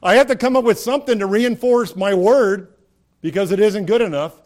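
Man, pastor, sermon, high voice, conversational, rhetorical questions, emphatic peaks. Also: normal speed, darkish tone.

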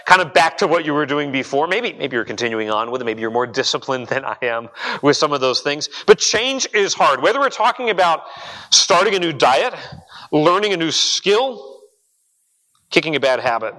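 A man's voice: a little high, sing-song, normal speed, pushed and bright, long reverb tail, rough recording. A young adult man preaching a sermon as pastor, conversational and earnest, often repeating words as he builds a point. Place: church sanctuary.

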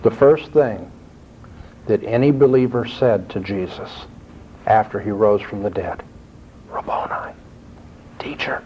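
A man preaching a sermon, quoting scripture and climbing in pitch to stress his points. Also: unhurried, a little hiss or hum. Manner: expressive, rising emphasis when quoting scripture. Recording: dull lo-fi recording.

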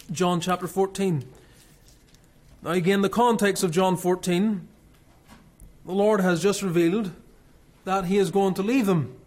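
A man with a notably high-pitched voice preaches a sermon. He reads scripture in old-fashioned wording and slows down to stress its key phrases. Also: a little mellow. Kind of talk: expository sermon.

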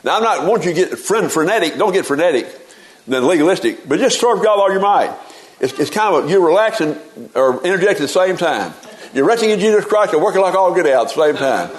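A man's voice: high voice, expressive, fast talker, low-quality recording. A man preaching a sermon in a folksy, emphatic way, often repeating words as he gets going.

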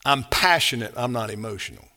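A man preaching a sermon, passionate and full of rhetorical questions, swinging between loud emphatic stretches and hushed quiet ones. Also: medium pitch, animated, fairly quick.

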